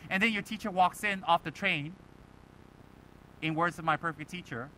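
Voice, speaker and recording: A Buddhist teacher giving a dharma talk to students, animated and emphatic, firing rhetorical questions and mimicking other people. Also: male voice, sits high, normal speed, slight background noise, poor audio.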